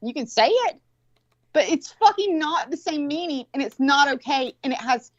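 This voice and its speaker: A woman's voice: sits high, normal speed, dry recording. Woman, Southern US accent, casual chat, blunt and profane, dry dull lo-fi sound. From American South. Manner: blunt, profane, rambling storytelling.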